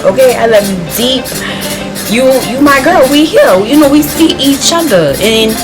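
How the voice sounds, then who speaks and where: A woman's voice: high-pitched, lively intonation, normal speed, over music, low-quality recording. A woman vlogger speaking straight to camera in a theatrical, exasperated comic rant, repeating herself for effect. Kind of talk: dramatic comedic rant to camera.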